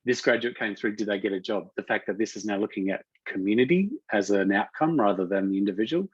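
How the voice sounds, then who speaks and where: A man's voice: lowish voice, fast talker, slightly rough, dry recording. A man taking part in an online workshop, answering thoughtfully over a video call. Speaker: workshop participant. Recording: dull lo-fi call audio.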